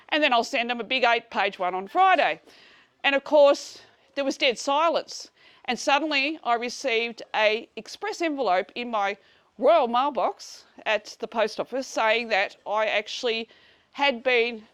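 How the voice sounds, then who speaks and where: A woman in her sixties telling a group about her dispute, blunt and animated, swearing freely and acting out conversations. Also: sits high, no room sound. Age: 60s. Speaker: speaker at a community meeting. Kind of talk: casual storytelling to a live group.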